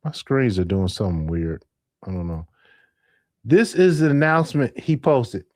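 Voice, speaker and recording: A man's voice: medium pitch, lively intonation, moderate pace, dry recording, studio quality. Rambling man streaming late at night. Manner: rambling, laughing, thinking out loud. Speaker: live-stream host.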